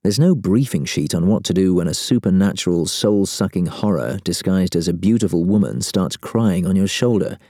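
Deep, dark-voiced male audiobook narrator. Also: expressive, moderate pace, few pauses, no echo, clean studio sound. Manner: wry, sardonic first-person delivery. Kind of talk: first-person audiobook narration.

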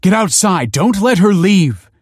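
A man's voice: on the low side, lively intonation, moderate pace, warm tone, dry recording, clean studio sound. A man reading a story aloud and voicing a stern woman school principal who speaks in a formal, officious way. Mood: urgent, shouting.

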